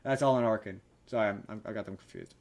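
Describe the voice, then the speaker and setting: A man's voice: on the low side, quick pace, a little mellow. Chatty, teasing podcast host, a man. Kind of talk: casual chat.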